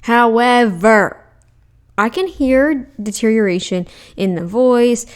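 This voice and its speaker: Speaking slowly in a smooth, fairly high voice, a woman hosting reaction commentary takes a blunt, argumentative tone. She often ridicules the people she's reacting to, imitating them in mocking voices.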